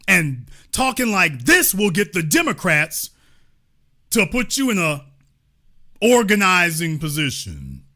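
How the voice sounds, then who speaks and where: Guy ranting on his commentary show, sarcastic and heated, high sharp voice. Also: huge pitch swings, slow pace. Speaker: political commentary host. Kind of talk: opinion commentary.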